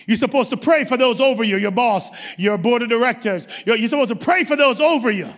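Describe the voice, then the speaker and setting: A man preaching a sermon as pastor, emphatic, swinging from shouted exhortations to hushed low asides. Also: brisk, few pauses. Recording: long hall reverb.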